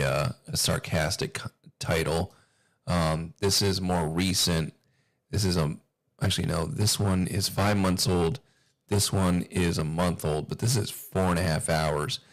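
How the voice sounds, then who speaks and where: Deep-voiced man rambling on a stream. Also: creaky. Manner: hesitant, rambling, many fillers. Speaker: streamer reacting to videos. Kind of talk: casual live-stream commentary.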